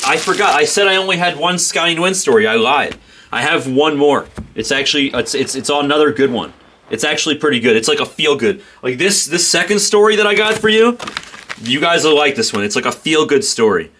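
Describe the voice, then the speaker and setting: A man's voice: on the high side, lively intonation, brisk, sharp tone, a little hiss or hum. A man hosting a card break, telling stories in a rambling way and repeating himself. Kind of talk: casual storytelling during a live break. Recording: crinkling and tearing card packs.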